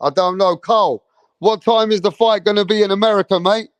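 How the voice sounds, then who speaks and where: With a high, steady voice and a fairly quick pace, a young man hosts a boxing livestream without any echo. His casual chat is repetitive and slang-filled, and he reads viewer comments out loud.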